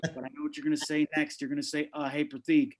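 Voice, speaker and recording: This comic's voice sits a bit high and barely moves in pitch as he works through a stand-up set at an online open mic. Calling in by video from his carpeted home, he rattles off brash jokes full of swearing in a fast, punchy rhythm, captured on a low-quality recording.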